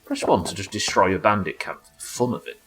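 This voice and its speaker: A streamer man talks his way through a game, his voice bright and lively and swinging up and down as he panics and swears. He narrates every move to himself and to the chat. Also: on the low side, fast, breathy edge, faint music behind. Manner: excitable, sweary, talking to himself. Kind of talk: live gameplay commentary.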